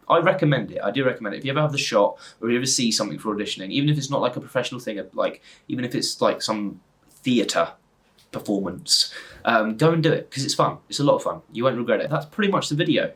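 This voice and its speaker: A man's voice: medium pitch, fairly bright tone. A young man chatting casually to a camera on a tripod, rambling and laughing often. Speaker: vlogger.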